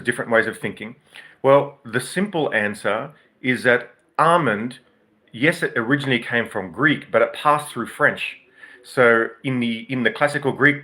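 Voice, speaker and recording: A man's voice: mid-range voice, pushed and bright. A man hosting an unscripted, reflective monologue, explaining things in a rambling, professorial way with asides. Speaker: podcast host.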